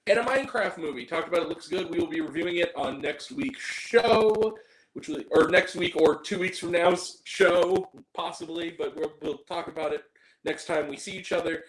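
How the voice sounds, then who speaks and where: A man hosting a casual movie review show, talking in an animated, joking way with mock-angry rants. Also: a little high, normal speed, echoey room, rough recording.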